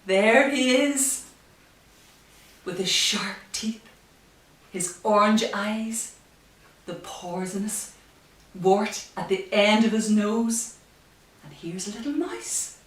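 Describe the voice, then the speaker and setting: A woman community librarian reading a children's story aloud in an expressive storytelling manner. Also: mid-range voice, distant mic. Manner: slow, lively, expressive storytelling. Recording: echoey room, voice from off-mic.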